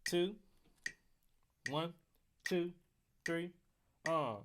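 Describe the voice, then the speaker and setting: A man's voice: a little high, extremely slow, a bit bright, a little hiss or hum. An American man teaching trumpet scales on a live stream, casual and joking with the chat. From United States. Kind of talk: live-streamed music lesson.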